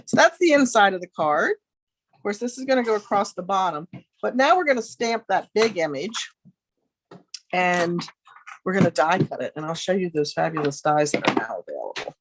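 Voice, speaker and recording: A woman's voice: lowish voice, very animated, normal speed, background noise. A middle-aged woman giving a casual craft tutorial from her home studio, chatting and thinking aloud as she works. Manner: chatty, friendly asides, thinks aloud while working. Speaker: crafting demonstrator.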